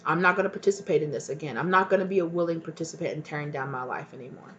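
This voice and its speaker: A woman's voice: deep voice, rapid-fire, a bit bright, muffled recording, a little hiss or hum. A woman giving a pick-a-card tarot reading, talking earnestly and emotionally straight to her viewers with spiritual encouragement. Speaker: tarot reader.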